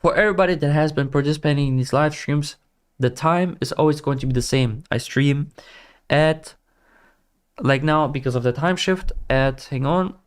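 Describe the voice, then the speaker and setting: Smooth-voiced man chatting with a livestream. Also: on the high side, moderate pace. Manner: loose and friendly, many "like" fillers, calls viewers brother. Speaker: livestream trading host. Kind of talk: casual livestream chat, reading viewer comments.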